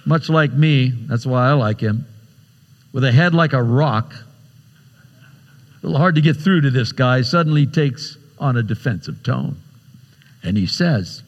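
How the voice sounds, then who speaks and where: A man preaching a sermon, retelling a scripture story dramatically with big swings in pitch and loudness. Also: lively intonation, measured pace, long pauses, big-room sound, muffled recording.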